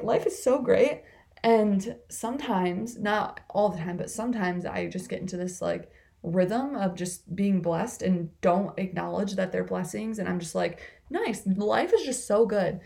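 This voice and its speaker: A woman's voice: mid-range voice, gravelly, warm tone. A young woman casually reading through a Bible chapter and reflecting on it, chatty and full of "like" fillers. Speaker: Bible study vlogger.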